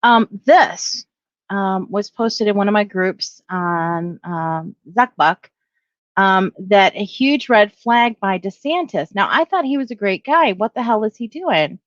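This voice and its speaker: A middle-aged woman talks through the news in loose commentary, reading headlines aloud and correcting herself as she goes. Her voice sits in an ordinary middle pitch. The recording is dry and a little dull. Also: expressive, unhurried, no room sound. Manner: rambling, self-correcting, reads headlines aloud. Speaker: video blogger. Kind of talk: casual opinion commentary.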